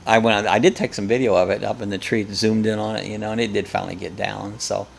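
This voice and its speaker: A man's voice: fairly low pitch, fairly even intonation, quick pace, vocal fry, slight background noise. A man hosting a casual live chat, rambling and joking as he tells stories. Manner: rambling, jokey storyteller.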